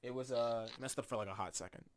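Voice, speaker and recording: A man's voice: medium pitch, fast. Young man telling rambling stories. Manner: rambling storyteller, swears freely, acts out relatives' lines. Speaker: podcast co-host. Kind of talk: casual chat.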